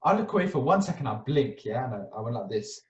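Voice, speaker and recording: A man's voice: medium pitch, quick pace, muffled recording. A young man telling a story casually on a podcast, acting out the scenes and tagging his lines with "yeah?". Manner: animated, acts out scenes, tags lines with "yeah?". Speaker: podcast co-host. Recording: roomy sound, mic at a distance.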